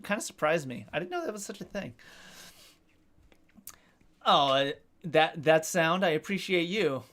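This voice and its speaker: A man's voice: fairly high pitch, sing-song, a little slow, a bit bright. Joking male live-stream host. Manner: joking, self-deprecating, swears casually. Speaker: livestream host. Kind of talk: casual live-stream chat reading comments.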